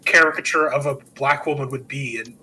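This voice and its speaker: A man's voice: medium pitch, fairly quick, pushed and bright, breathy edge, rough recording. A man co-hosting a comedic podcast, retelling a film with laughs and stumbling restarts. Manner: laughing, stumbling over words. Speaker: podcast co-host. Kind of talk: comedic movie recap chat.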